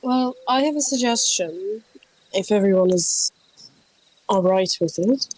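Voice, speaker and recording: A woman's voice: mid-range voice, a little slow, darkish tone, no room sound, low-quality recording. A woman playing a tabletop game, planning aloud and asking questions in casual chat.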